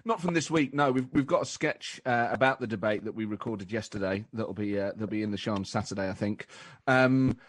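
A man, an impressionist guest, explaining his approach in a relaxed, casual interview. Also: fairly low pitch, a little fast, dry recording.

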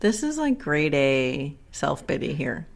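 A woman's voice: sits low, very animated, measured pace, creaky. A woman in her thirties co-hosting a casual chat, making blunt, wry remarks and laughing often. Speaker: podcast co-host.

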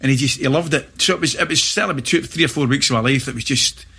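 A middle-aged Scottish man chatting as a guest, spinning animated anecdotes. His voice is bright and forward with a husky edge. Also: medium pitch, racing. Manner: animated anecdotes with laughter and acted-out shouts. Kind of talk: storytelling in casual chat.

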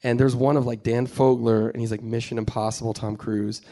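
A man who directed a film, telling animated stories in casual chat, swearing and laughing as he goes. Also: medium pitch, a little fast. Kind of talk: casual storytelling.

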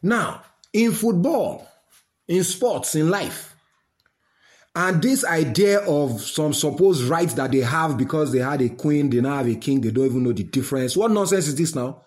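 Indignant high-voiced Nigerian man. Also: expressive, moderate pace, a little mellow. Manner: indignant, repeated rhetorical questions. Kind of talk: opinion rant.

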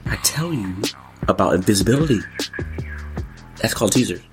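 A man hosting a casual commentary show, excitable and jokey, breaking into sudden squeals and exclamations. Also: lowish voice, brisk, music in the background. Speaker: podcast host.

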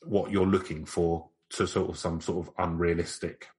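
A man's voice: low-pitched, little pitch movement, moderate pace, a little mellow. Dry, joking male podcast co-host. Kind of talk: casual banter.

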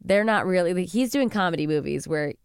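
A woman co-hosting a podcast in casual chat, animated and swearing, acting out the people she quotes. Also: on the low side, brisk, clear, resonant tone. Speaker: podcast co-host.

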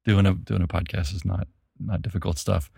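A man from Memphis with a very deep voice, hosting a podcast in casual conversation. He rambles loosely and restarts his sentences, and the sound is dry and close with no room around it. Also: steady tone, brisk, vocal fry, dark tone, slightly rough, no room sound. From Memphis, Tennessee, US. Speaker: podcast host.

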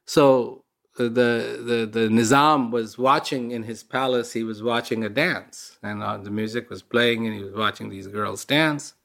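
A man's voice: mid-range voice, measured pace, gravelly, fairly bright tone. A man hosting an inspirational talk, earnest and emphatic, repeating key words and asking rhetorical questions. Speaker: speaker, show host.

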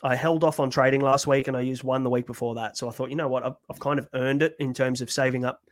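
A man's voice: medium pitch, steady tone, quick pace, no room sound. A man co-hosting a fantasy sports podcast, chatty and upbeat with many fillers. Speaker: podcast co-host. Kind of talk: casual fantasy sports chat.

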